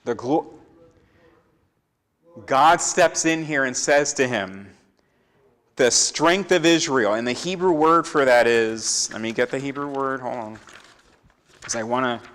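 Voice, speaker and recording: A man's voice: mid-range voice, measured pace, long pauses, fairly bright tone. Man teaching scripture in an echoey church. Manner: acts out biblical characters' lines with shifting voice. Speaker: Torah teacher. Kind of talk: Bible teaching. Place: church sanctuary. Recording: echoey hall with long reverb.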